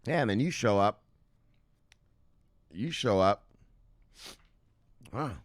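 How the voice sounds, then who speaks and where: A man's voice: lowish voice, animated, takes it slowly, no echo, clean studio sound. A man hosting a crypto news show who rants casually and profanely, laughing and acting out scenes. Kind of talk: casual rant.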